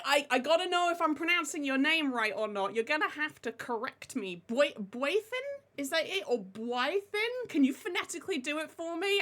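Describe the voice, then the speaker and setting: Bright, high-voiced chatty woman. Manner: chatty, greets viewers by name. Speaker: streamer. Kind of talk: casual live-stream chat.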